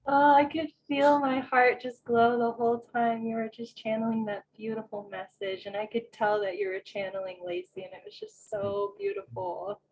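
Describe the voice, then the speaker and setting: A woman's voice: fairly high pitch, moderate pace, hardly any pauses, a little mellow, lo-fi sound. A woman on a workshop call, speaking in an effusive, heartfelt way. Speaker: workshop participant. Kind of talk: casual chat.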